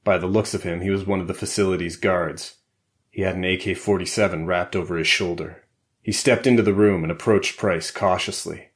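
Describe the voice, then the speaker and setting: A man narrating a spy thriller audiobook in a measured, steady way. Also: deep voice. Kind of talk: scripted narration.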